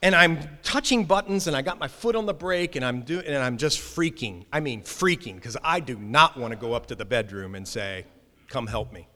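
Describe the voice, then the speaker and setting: Animated male pastor, emphatic storytelling sermon, bright and forceful tone, reverberant church hall. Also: medium pitch. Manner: animated, emphatic, quick restarts.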